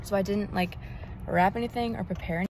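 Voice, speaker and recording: A woman's voice: medium pitch, steady tone, a little fast, a little mellow, a little hiss or hum. Rambling young woman vlogging from her car. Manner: rambling, self-deprecating, lots of fillers. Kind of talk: casual vlog chat. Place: parked car.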